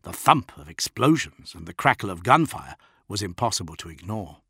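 A man narrating a science-fiction audiobook in a measured, dramatic way. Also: sits low, very animated, creaky, pushed and bright, husky, no room sound, studio quality.

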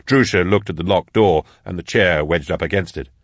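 A man narrating an audiobook chapter in a measured storytelling manner. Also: sits low, no room sound. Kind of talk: scripted narration.

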